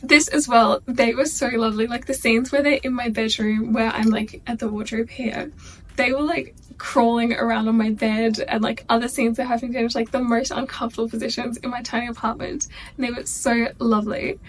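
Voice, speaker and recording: Gushing Australian woman, higher voice. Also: fairly even intonation, a little fast. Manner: gushing, chatty, heavy use of "like". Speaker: vlogger. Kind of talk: casual reaction chat.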